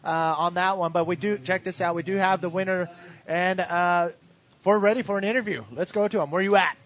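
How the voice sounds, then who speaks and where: A man's voice: sits high, steady tone, brisk, fairly bright tone. A man commentating live at a contest, laid-back and chatty with lots of fillers. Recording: dull lo-fi webcast audio.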